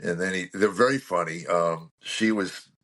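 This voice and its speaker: A man's voice: low voice, moderate pace, a bit bright. A man in his sixties, a comedian being interviewed, telling wry self-deprecating stories and acting out quoted lines. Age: 60s. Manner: acts out quoted lines and car-engine noises. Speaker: guest comedian. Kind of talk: storytelling interview chat.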